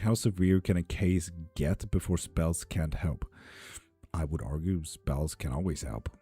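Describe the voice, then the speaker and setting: Laid-back, low-voiced, swearing male streamer. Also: mellow, slightly rough. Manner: laid-back, swears freely, upbeat cheering. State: a little ill, foggy. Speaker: live tarot and spell streamer. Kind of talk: casual live-stream chat reading viewer comments.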